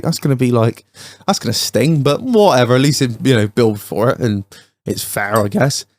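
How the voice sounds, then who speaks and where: A man's voice: mid-range voice, brisk, few pauses, darkish tone, no echo, studio quality. A man hosting a podcast in casual chat, telling stories with lots of swearing. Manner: sweary storytelling. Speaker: podcast host.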